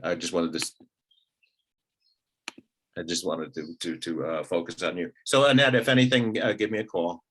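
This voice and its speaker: A man saying a halting goodbye on a video call, stumbling over his start. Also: low-pitched, steady tone, fairly bright tone. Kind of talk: casual farewell.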